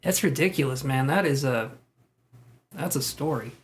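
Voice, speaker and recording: A man's voice: medium pitch, expressive, moderate pace. A man hosting a tarot live stream, chatting casually with viewers, joking, laughing and swearing freely.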